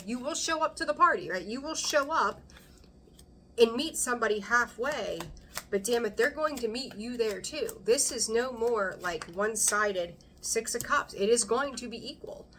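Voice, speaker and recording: A woman's voice: a little high, bright, forceful tone, slight background noise. Chatty, blunt woman reading tarot. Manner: chatty, blunt, swears freely, laughs often. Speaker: tarot reader. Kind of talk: casual intuitive reading to camera.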